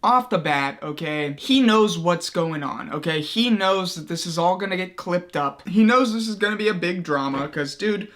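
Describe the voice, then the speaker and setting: A man's voice: sits high, moderate pace, few pauses, a bit bright. A young man hosting comedic video commentary, crude and mocking, profane, often laughing at his own jokes. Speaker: commentary YouTuber.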